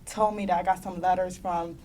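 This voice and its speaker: A woman's voice: lowish voice, flat delivery, fairly quick, mellow. A young woman on a conference panel giving emotional personal testimony, earnest and close to tears, with rueful laughs. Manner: earnest and heartfelt, often near tears, with bursts of rueful laughter. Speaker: panelist sharing her own story. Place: conference panel in a meeting room.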